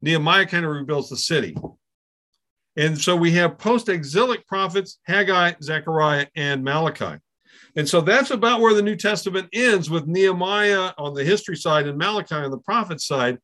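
A middle-aged man leads a Bible class in a relaxed, conversational way, often checking in with his listeners. His voice is bright and forward and sits a little high for a man. He often repeats a word as he restarts a thought. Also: normal speed. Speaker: Bible teacher.

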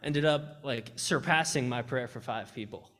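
An earnest young man shares a testimony during a church service. He speaks from the heart at a middle pitch, often restarting his sentences as he goes. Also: normal speed, noisy background. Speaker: campus ministry speaker.

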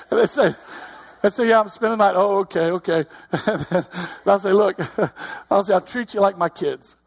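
A man in his fifties preaching a sermon in a conversational way, with repeated calls of "Amen?" and laughing asides. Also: a little high. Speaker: pastor.

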